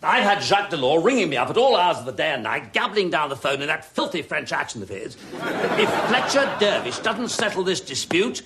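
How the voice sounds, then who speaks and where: A pompous senior minister who blusters and insults his colleagues. His voice rides high and lurches up and down. The recording carries noticeable hiss. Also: very animated, fairly quick, bright, forceful tone, heavily acted. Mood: blustering. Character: pompous, exasperated senior male British minister. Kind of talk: 1980s studio sitcom acting. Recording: noisy studio recording with audience.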